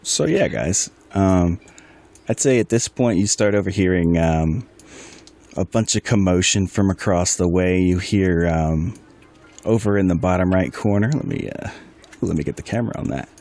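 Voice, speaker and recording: A man's voice: low-pitched, moderate pace, darkish tone, no room sound. A man narrating as game master of a tabletop role-play in a rambling, chatty way. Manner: rambling, chatty, many fillers and asides.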